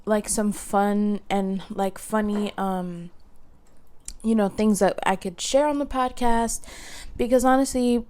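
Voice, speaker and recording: Young woman podcast host rambling through stories, lots of likes and ums, smooth clear voice. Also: medium pitch, fairly even intonation, takes it slowly, darkish tone. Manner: chatty, many fillers like "like" and "um". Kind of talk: casual solo podcast storytelling. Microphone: podcast microphone.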